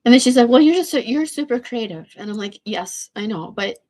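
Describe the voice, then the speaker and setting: A woman livestreaming an emotional rant. Her voice is tearful, shaky and a bit hoarse, and she stammers, repeats herself and swears bluntly. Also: on the high side, animated, a little fast, warm tone. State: hoarse from losing voice. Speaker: livestream host.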